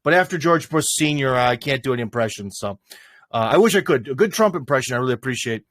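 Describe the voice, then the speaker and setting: A man's voice: medium pitch, animated, fast talker, fairly bright tone, no room sound. A man hosting a casual livestream, talking off the cuff in a rambling way with plenty of "uh" and "anyways". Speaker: livestream host.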